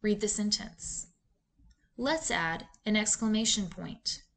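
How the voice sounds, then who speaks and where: A woman narrating a reading lesson in a clear, measured teacher's voice, posing questions to students. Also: mid-range voice, fairly bright tone. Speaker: reading instructor. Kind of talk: scripted instructional narration.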